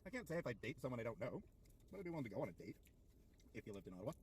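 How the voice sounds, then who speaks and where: A man's voice: medium pitch, sing-song, racing, a little hiss or hum. A man answering questions in a casual chat, laid-back and hesitant with fillers. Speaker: interviewee in a clip.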